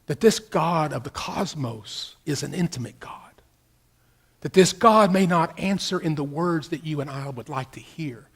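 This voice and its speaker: There is a breathy edge to this middle-aged pastor's slightly high voice as he preaches and recounts a personal story. His delivery moves sharply between loud bursts and hushed, almost whispered moments.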